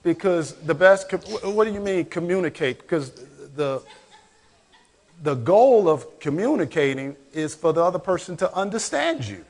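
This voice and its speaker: A man's voice: on the high side, expressive, normal speed, darkish tone. Conversational man pastor, Chicago accent. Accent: Chicago African American English. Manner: reflective, conversational teaching. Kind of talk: church Q&A discussion.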